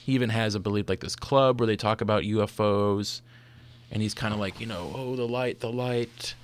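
A man's voice: lowish voice, steady tone, brisk. A man hosting a casual film chat, talking loosely with lots of "like" fillers. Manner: chatty, full of "like" fillers. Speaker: podcast host.

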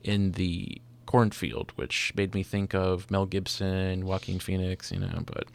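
A man's voice: sits low, little pitch movement, measured pace, creaky. A man hosting a casual film chat, talking loosely with lots of "like" fillers. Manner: chatty, full of "like" fillers. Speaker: podcast host.

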